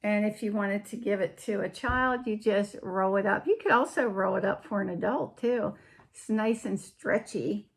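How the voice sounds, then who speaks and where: A woman with a gravelly, mid-range voice hosts a relaxed crafting show-and-tell podcast. She's chatty and unhurried, often trailing off before picking her sentences back up.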